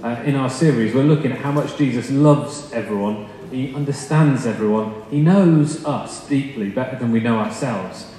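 A young male preacher tells a humorous, self-deprecating story in a relaxed, chatty sermon style at a middle pitch. His voice rings through a large, very echoey hall with a long reverb tail. A faint hum of noise sits underneath. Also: normal speed.

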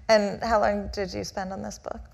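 A woman interviewing a guest on stage before a live audience, laughing often and throwing in quick asides and questions. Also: medium pitch, little pitch movement, vocal fry, darkish tone. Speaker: interviewer, TV producer. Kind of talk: onstage conversation.

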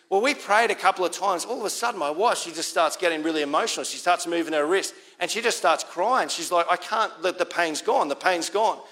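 A man's voice: sits high, a bit bright. A man with an Australian accent preaching a sermon as pastor, in a conversational way, repeating key lines for emphasis.

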